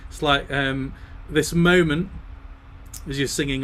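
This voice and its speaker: Choir director coaching slowly, sung phrases. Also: male voice, a little high, fairly even intonation, fairly bright tone, slight background noise. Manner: talks through the music, breaking into sung phrases. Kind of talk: online choir rehearsal coaching.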